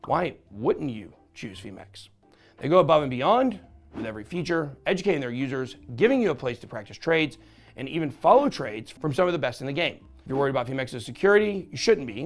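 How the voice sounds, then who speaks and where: A man reads a sponsored review in an upbeat, salesy host's voice. His voice sits fairly high with a gravelly rasp. Faint background music plays under him. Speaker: crypto channel host.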